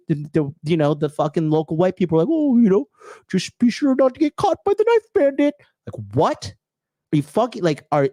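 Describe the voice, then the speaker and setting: A man's voice: fairly high pitch, darkish tone, dry recording, studio quality. A man hosting a show, delivering heated, profane political commentary in an emphatic rant. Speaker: host.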